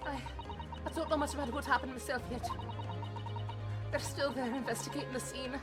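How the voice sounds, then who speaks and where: A woman's voice: sits high, brisk, pauses often, music in the background. A woman playing through a story game, reading lines aloud and ranting with lots of swearing. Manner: animated, swears, reads dialogue aloud. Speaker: streamer. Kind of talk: game playthrough commentary.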